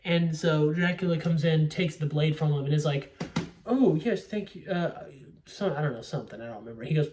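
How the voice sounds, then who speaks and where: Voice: mid-range voice, fairly even intonation, a little fast, distant mic, background noise. A young adult movie reviewer chatting casually, rambling, swearing freely and laughing often. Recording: roomy sound, away from the mic.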